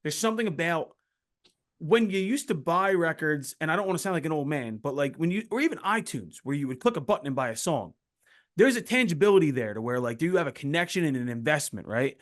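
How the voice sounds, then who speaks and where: A young man hosting a casual interview, excitable, swearing freely and jumping in often. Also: a little high, fast talker. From Philadelphia area. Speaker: podcast host.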